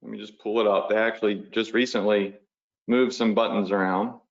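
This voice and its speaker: A man's voice: fairly low pitch, fairly even intonation, fairly quick, vocal fry. A man teaching a live online webinar, talking viewers through steps casually and checking in with "right?". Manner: casual, talks the viewers through steps while drawing on screen; conversational, uses "y'all" and "right?". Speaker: online business coach. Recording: slightly dull lo-fi webinar audio.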